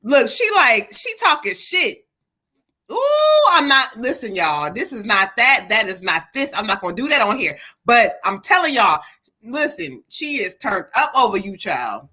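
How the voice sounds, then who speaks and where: A woman's voice: on the high side, big pitch swings, normal speed, pushed and bright, breathy edge. A woman co-hosting a live stream, giving emphatic, profane spiritual readings to viewers. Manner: emphatic, profane, calls out to viewers as "child" and "y'all".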